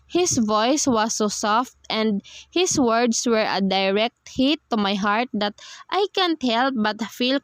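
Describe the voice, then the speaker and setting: A woman reading a first-person romance novel aloud in a steady, even delivery. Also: fairly high pitch, no room sound. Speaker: audiobook reader.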